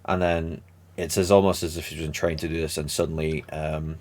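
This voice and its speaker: A man's voice: a bass voice, little pitch movement, a little fast, a little mellow. A man narrating a tabletop role-playing session as game master, rambling with many ums.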